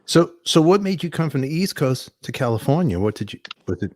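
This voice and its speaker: A man hosting a podcast, excitable and self-mocking in casual interview chat. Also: a little high, a little fast, slight background noise. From Brooklyn. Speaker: podcast host.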